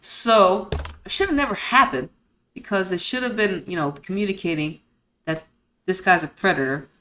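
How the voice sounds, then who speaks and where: A woman's voice: fairly low pitch, normal speed, bright, forceful tone, faint music behind. A woman streamer reads a report aloud and breaks off into blunt, profane, indignant commentary full of rhetorical questions and street slang. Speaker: streamer host.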